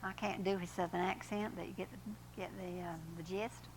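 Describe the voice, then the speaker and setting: In a church sanctuary, a woman who works as a personal trainer gives an inspirational talk as a guest speaker, her fairly low voice steady and brisk. She's chatty and often laughs at her own lines, and the recording is very noisy.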